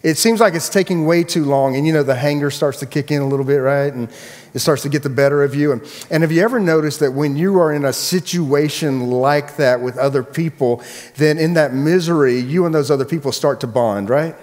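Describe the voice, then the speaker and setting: A man, the pastor, preaching a sermon and telling a personal story in a relaxed, chatty way with frequent restarts. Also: a little high, a little fast, in a large hall. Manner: casual storytelling, many restarts.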